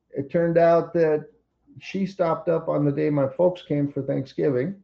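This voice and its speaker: A man's voice: on the high side, a little slow, creaky, lo-fi sound. An older man wryly telling his daughter a personal story over a computer call. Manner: wry, plainspoken storytelling.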